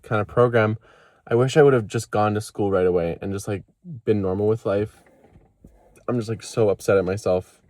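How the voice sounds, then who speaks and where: A man's voice: lowish voice, no room sound, studio quality. A young man talking candidly to camera about self-worth and therapy, rambling with many fillers and quoting himself with laughs. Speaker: vlogger. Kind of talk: candid confessional vlog.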